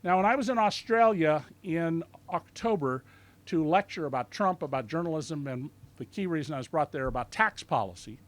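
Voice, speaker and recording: Sardonic lecturing man, high voice. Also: moderate pace. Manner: lively, sardonic storytelling with mocking quoted voices. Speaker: author giving a bookstore talk. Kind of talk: lecture to a live audience. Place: bookstore event room.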